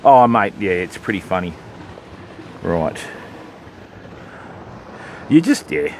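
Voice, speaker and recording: A man's voice: low voice, big pitch swings, slow, slight background noise. An Australian man chatting casually with viewers on a live fishing stream from an outdoor beach. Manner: chatty, matey, answering viewers.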